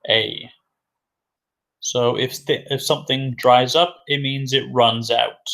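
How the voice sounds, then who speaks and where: A man's voice: medium pitch, fairly even intonation, takes it slowly, creaky, fairly bright tone. A man teaching an English vocabulary lesson who repeats key words and asks questions before answering them himself.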